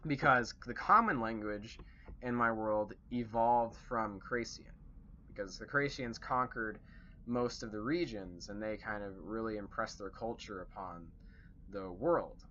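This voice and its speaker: A man's voice: lowish voice, sharp tone, lo-fi sound, a little hiss or hum. A young man recapping a tabletop game session as its game master, rambling with fillers and self-corrections.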